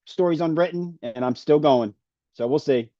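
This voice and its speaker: A man's voice: a little high, normal speed, dark tone, dry recording, dull audio. A man answering as a summit guest on a video call, talking casually and hesitantly with many fillers. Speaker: guest speaker.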